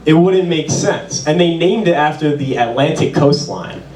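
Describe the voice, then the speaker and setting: A man's voice: on the high side, normal speed, darkish tone, slight background noise. A man doing a stand-up comedy set, with a loose, rambling delivery full of "like". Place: small bar performance room. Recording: roomy, distant, with audience.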